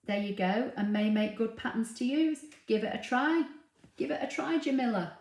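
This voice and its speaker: A woman's voice: a little high, normal speed. Chatty woman, roomy room sound. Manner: chatty, relaxed, with frequent ums and laughs. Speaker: craft livestream host. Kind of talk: casual live chat, reading viewer comments aloud. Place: home room with a dog nearby. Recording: roomy, echoey home recording.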